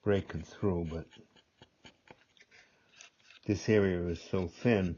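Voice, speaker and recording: An older man demonstrating gunsmithing in a workshop, talking slowly and rambling, repeating himself as he works. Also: sits low, steady tone, dark tone, slightly rough. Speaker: gunsmithing instructor. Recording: dull lo-fi audio.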